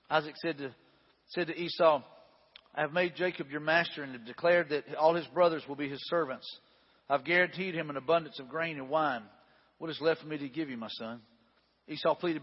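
Pastor preaching, folksy and chatty, kinda husky voice, long echo like a big church hall. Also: male voice, a little high, a little fast. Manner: conversational, folksy asides with restarts. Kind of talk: sermon reading scripture and commenting. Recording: dull sound with long hall reverb.

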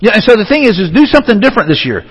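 A middle-aged man preaches in a loose, chatty way. He keeps putting questions to his listeners and often says words twice. His husky voice rings out with a long echo, as in a church sanctuary. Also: high voice, sing-song, racing, dull audio. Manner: conversational, repeats words, asks the audience questions. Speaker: pastor. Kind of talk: sermon.

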